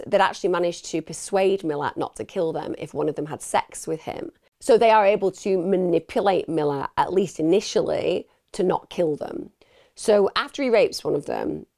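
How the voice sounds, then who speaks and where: A woman presenting true crime commentary in a casual, animated and indignant way, speaking straight to her viewers. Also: on the low side, gravelly.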